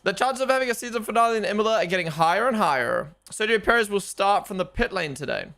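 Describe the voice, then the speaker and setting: A young man streaming his reaction to a race broadcast talks fast and excitedly, repeating his exclamations in a loose, casual way. His voice runs a little high, bright and tense on top with a gravelly fry underneath.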